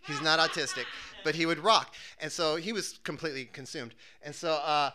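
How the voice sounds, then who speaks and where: A man's voice: a little high, steady tone, normal speed, bright, forceful tone. A man telling a funny personal story, acting out the scenes with cries and screams.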